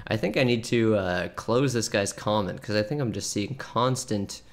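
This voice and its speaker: A man's voice: lowish voice, normal speed. Chatty man laughing through reactions. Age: 30s. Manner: chatty, laughs often, reads posts aloud with asides. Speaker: streamer reacting to online posts. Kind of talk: casual reaction commentary.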